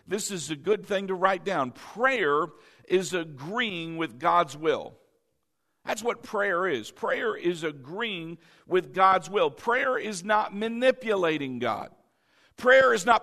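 High-voiced man preaching with emphasis. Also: animated, normal speed, a bit bright. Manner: emphatic preaching, repeating key phrases for the congregation. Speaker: pastor. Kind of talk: sermon.

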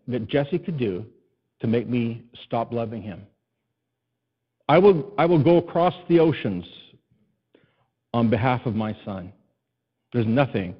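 A husky, somewhat breathy middle-aged man delivering a sermon. He tells personal stories with self-deprecating laughs and moves from loud emphasis to hushed, tender lines. The recording sounds dull and a little lo-fi. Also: mid-range voice. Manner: warm storytelling with self-deprecating laughs, swings from loud to soft. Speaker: pastor.

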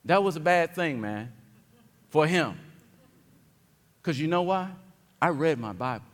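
A man preaching a sermon as pastor, dropping to quiet reflection and then building to loud, emphatic declarations. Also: fairly high pitch, lively intonation, unhurried. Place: church sanctuary. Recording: long hall reverb.

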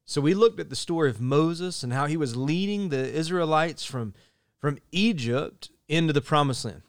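A man preaching a sermon as pastor, earnest and measured, slowing down to stress key phrases. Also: on the high side, lively intonation, no echo, clean studio sound.

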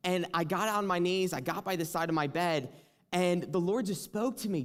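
A man's voice: high-pitched, normal speed. Earnest young male preacher. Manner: earnest, rising to impassioned emphasis. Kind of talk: sermon with personal testimony.

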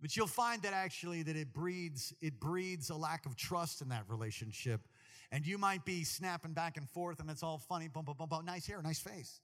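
A man preaching a sermon to a congregation, animated and jokey, talking straight to the people in the church. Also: on the high side, moderate pace, in a large hall. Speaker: pastor.

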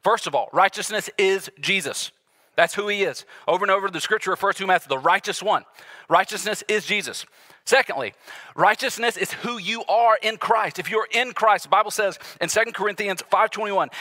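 A man in his thirties preaching a sermon as a pastor, telling family stories in a relaxed, conversational way and acting out the quotes. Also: sits high.

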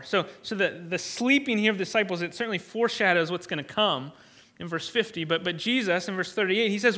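A man's voice: sits high, brisk, pushed and bright. A man preaching a sermon as a pastor, earnest and emphatic, often restarting his words.

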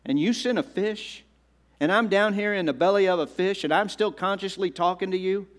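A man's voice: high-pitched, normal speed, voice pushed up, natural voice. A man voicing Jonah as an exasperated, complaining adult man who can't believe his situation, within a sermon. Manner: incredulous, complaining.

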